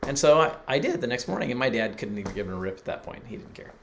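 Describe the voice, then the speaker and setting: Middle-aged man, pastor, sermon storytelling, mid-pitched voice, voices quoted people. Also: very animated, very fast, gravelly, a bit bright.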